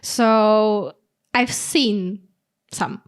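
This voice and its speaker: A woman's voice: mid-range voice, very slow. A woman, co-hosting a reaction video in casual, chatty talk full of fillers. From Poland. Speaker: reaction channel co-host. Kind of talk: casual chat.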